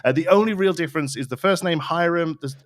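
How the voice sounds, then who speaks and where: A podcast co-host from England's Midlands talks fast in a voice on the high side, explaining things at length with plenty of fillers and restarts in a casual chat. The studio-quality recording has no echo.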